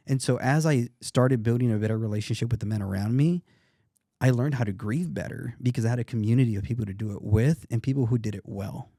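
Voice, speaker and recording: A man in his thirties talks in an earnest, reflective way as a podcast guest. He often stops and restarts his sentences. His voice is mellow and dark, recorded close and dry. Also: mid-range voice, quick pace, dry recording. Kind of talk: casual interview talk.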